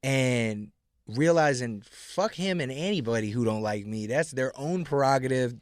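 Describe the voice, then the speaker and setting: A man as a podcast guest, telling animated stories with lots of swearing and acted-out quotes. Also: mid-range voice, moderate pace, no echo, studio quality. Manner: animated storyteller, heavy swearing, acts out quotes. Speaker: guest rapper. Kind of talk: casual interview chat.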